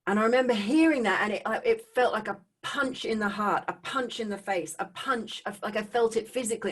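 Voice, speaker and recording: A woman speaks over a video call in a voice of ordinary, mid-range pitch. She tells her own story as an emotional testimony, halting and earnest, and she often circles back and restarts her words. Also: husky. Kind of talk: emotional personal testimony talk.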